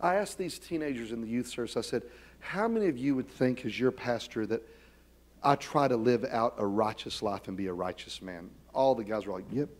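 A middle-aged man preaching a sermon as pastor, with self-deprecating humor, dropping to quiet asides and rising to loud, emphatic calls. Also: medium pitch, expressive, brisk.

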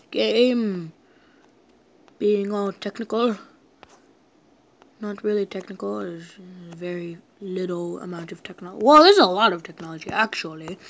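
A woman playing a video game and talking to her viewers, goofy and excitable, yelping and shouting at the game as it goes. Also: medium pitch. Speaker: gaming video host. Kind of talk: let's-play commentary.

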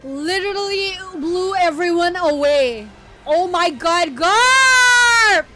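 A woman hosting an anime reaction video, giving live commentary in an excitable way, exclaiming and laughing often. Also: very high-pitched, slow pace, background noise.

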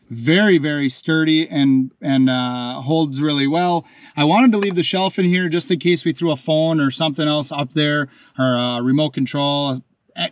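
A man with a slightly raised pitch and a smooth, clear voice talks eagerly and loosely, circling back and restarting as he goes. The sound is dry and close, with little room around it. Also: no room sound. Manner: enthusiastic, rambling with restarts and fillers. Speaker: off-road vlogger showing his jeep build. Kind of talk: casual walkaround explanation. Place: outdoors and inside a jeep in a shop area.

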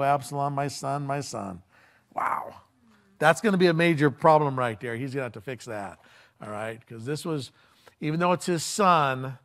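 A man's voice: mid-range voice, fairly bright tone. A male pastor preaching in a casual, conversational way, retelling a story in everyday words with frequent fillers and restarts. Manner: retells the story in everyday speech, acts out the quoted lines.

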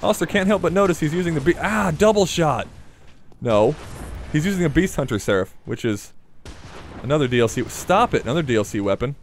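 A man's voice: a little high, lively intonation, a little fast, a little hiss or hum. A man commentating his own gameplay in a playful, casual way, chatting to the enemies and swearing now and then. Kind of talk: let's play commentary.

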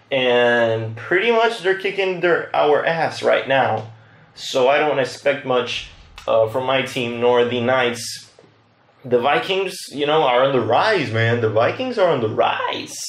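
A man casually commentating his own gameplay, excitable and rambling, trash-talking his opponents. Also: mid-range voice, roomy sound. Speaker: gaming channel host.

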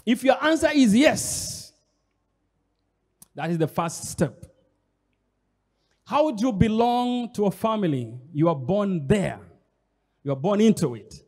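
In a reverberant church hall, a Kenyan pastor with a high, darkish voice preaches slowly, very animated and leaving long pauses. He repeats phrases with emphasis and speaks directly to those gathered.

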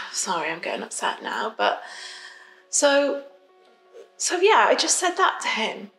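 A woman's voice: high voice, animated, extremely slow, pushed and bright, echoey room, soft background music, exaggerated voice, poor audio. An actress playing a fed-up woman, stuck in lockdown with her partner, confiding in a rambling, apologetic way. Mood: upset. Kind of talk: confessional monologue.

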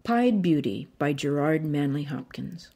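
Slow, mellow woman reading poetry. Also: sits low. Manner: delighted, animated when discussing the poem. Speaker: poet. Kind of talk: poetry reading and reflective commentary.

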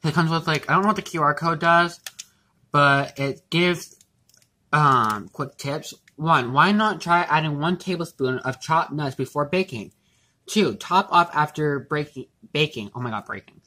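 A man's voice: on the high side, measured pace, sharp tone. A young man chatting casually in his home kitchen while baking for his vlog, rambling and self-mocking, with lots of fillers and swearing. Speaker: vlogger.

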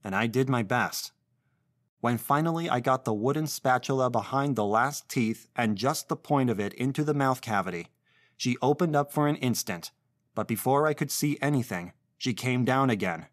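A man narrating a literary short story in a measured, intense first-person reading. His voice sits at a middle pitch, recorded close and dry with no room sound. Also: no room sound.

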